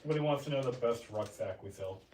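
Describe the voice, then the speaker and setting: A man's voice: medium pitch, quick pace, a little mellow. A man talking casually off to the side of a livestream, in short matter-of-fact remarks. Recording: echoey room with faint noise.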